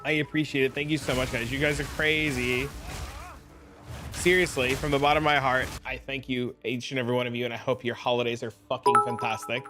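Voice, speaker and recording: A man streaming a game, chatting casually, excitable and swearing often as he thanks his viewers. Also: medium pitch, fairly quick, loud music behind the voice. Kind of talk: casual live-stream chat.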